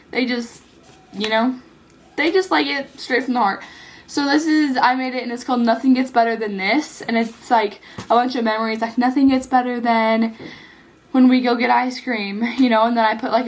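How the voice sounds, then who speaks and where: A teenage girl talks straight to her viewers in a casual vlog, her voice a touch higher than most. She rambles earnestly and restarts her sentences often, leaning on "like" and "you know". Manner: rambling, earnest, heavy use of "like". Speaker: vlogger. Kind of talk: casual heartfelt advice vlog.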